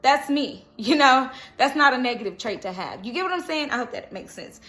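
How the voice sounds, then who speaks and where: A woman's voice: sits high, fairly quick. A woman doing a casual tarot reading, chatty and rambling, laughing often and breaking into bits of song. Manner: lively, rambling and self-correcting. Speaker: tarot horoscope reader.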